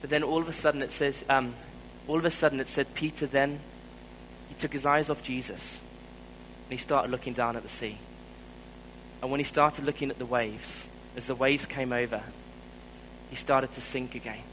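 A man with a South African accent preaching a sermon, telling a personal story in an earnest way and growing louder when he stresses a point. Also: medium pitch, fairly even intonation, normal speed, slight background noise, poor audio.

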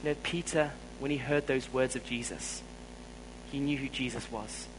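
A man with a South African accent preaching a sermon, telling a personal story in an earnest way and growing louder when he stresses a point. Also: medium pitch, fairly even intonation, moderate pace, noisy background.

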